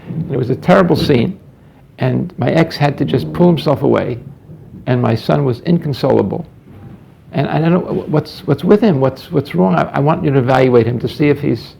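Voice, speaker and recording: A man's voice: medium pitch, creaky, a little mellow, breathy edge. A male psychologist telling a story from his practice, acting out the dialogue and often repeating words, in a dull lo-fi recording. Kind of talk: anecdotal storytelling talk.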